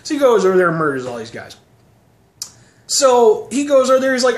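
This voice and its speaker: A man's voice: very high voice, sing-song, fairly quick. A man sarcastically recapping action movies in a casual, profane, rambling way. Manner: sarcastic, profane, mocking voices. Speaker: movie reviewer. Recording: echoey room, faint noise.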